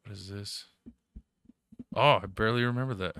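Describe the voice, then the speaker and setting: A man's voice: on the low side, normal speed, fairly bright tone, clean tone. A young man telling rambling, profanity-filled stories in casual chat, full of fillers.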